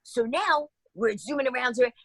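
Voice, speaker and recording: A woman guest on a talk program, telling stories in an animated way and acting out the voices of the people in them. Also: sits high, normal speed, no echo, rough recording. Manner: lively, acts out voices in her anecdotes. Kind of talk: animated storytelling in an interview.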